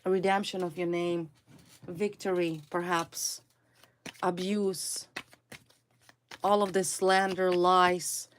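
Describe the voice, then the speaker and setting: A woman's voice: on the low side, level tone, slow, pauses often, slight background noise. A woman giving a tarot reading to her viewers, stressing her points by repeating single words. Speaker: tarot reader.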